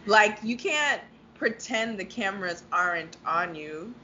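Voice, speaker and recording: A woman's voice: medium pitch, lively intonation, unhurried, sharp tone, highs cut off, slight background noise. A woman co-hosting a casual reality-TV recap chat, emphatic and swearing freely.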